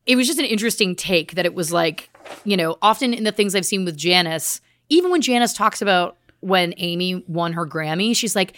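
A woman's voice: lowish voice, animated, brisk, a bit bright, dry recording. A woman podcast host recounting research in a chatty, casual way, full of asides. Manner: chatty, speaks in asides and restarts. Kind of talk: casual storytelling chat.

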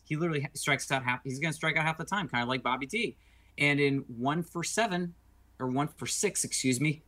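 A man co-hosting a sports podcast, telling stories in a joking, animated way. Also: on the high side. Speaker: podcast co-host. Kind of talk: casual sports talk.

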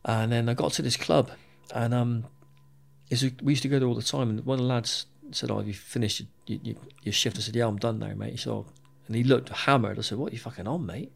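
Gravelly British ex-soldier telling his story. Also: mid-range voice, steady tone, brisk. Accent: British English. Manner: candid and plain-spoken, swears freely, repeats words as he goes. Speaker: interview guest, former soldier. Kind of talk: personal storytelling in an interview.

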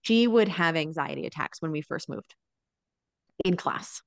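A woman in her thirties, a mother of four living abroad, tells family stories as a guest in a casual interview. She's an animated storyteller who often checks in with "right?", speaking in a low-pitched voice a little slowly, with no echo.

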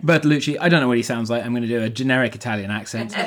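A man's voice: mid-range voice, racing. Rambling, joking man co-hosting a podcast. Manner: rambling, joking, many restarts. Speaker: podcast co-host. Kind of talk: casual chat.

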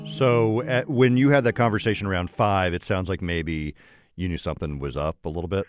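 A male podcast host narrating a true story and putting measured, probing questions to his guest. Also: deep voice, soft background music.

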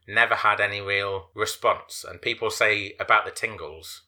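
A man's voice: fairly low pitch, fairly even intonation, normal speed, pushed and bright. A man co-hosting a podcast, chatting casually and rambling, often stumbling over his words. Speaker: podcast co-host.

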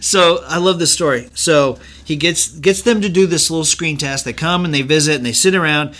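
A man's voice: fairly high pitch, fairly bright tone. A man co-hosting a casual podcast chat, telling film history stories and acting out quotes along the way. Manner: storytelling, acts out quotes in quick asides. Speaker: podcast co-host.

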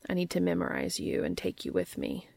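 A deep, gravelly-voiced serious man, as a woman reads him aloud, speaking low, slow and deliberate. His tone stays earnest and tender, in a dry, close reading. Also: huge pitch swings, a little mellow, no room sound, full character voice.

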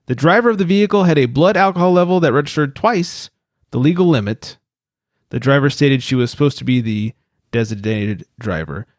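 A man's voice: mid-range voice, expressive, fairly quick, no room sound, studio quality. A man hosting a casual beer podcast, joking around and reading out short news stories. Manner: jokey, reads news stories aloud. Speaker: podcast host. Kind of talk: casual chat.

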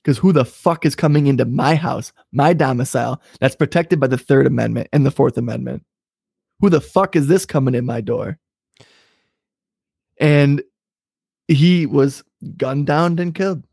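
Gravelly, fired-up angry man. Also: mid-range voice, moderate pace, darkish tone, no echo, studio quality. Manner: angry, profane ranting. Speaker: podcast co-host. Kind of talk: casual chat.

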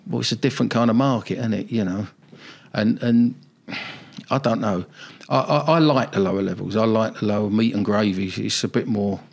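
Older man with a gravelly voice. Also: on the low side, steady tone, fairly quick. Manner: rambling, anecdotal, nostalgic. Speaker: football manager guest. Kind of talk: casual interview chat.

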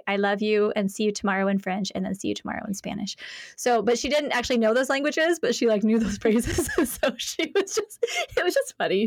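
A woman speaking as a podcast guest, telling stories with an animated, playful delivery and frequent laughter. She acts out quoted phrases in different voices. The sound is dry and close. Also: a little high, dry recording. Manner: laughs often while talking. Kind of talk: casual interview chat.

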